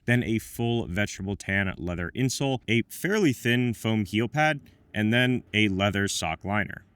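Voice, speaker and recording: A man with a fairly low voice talks through a product review from a script. He drops in wry, self-deprecating asides. The recording is dry and close, with no room sound. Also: a bit bright, clear, resonant tone, dry recording. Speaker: menswear reviewer.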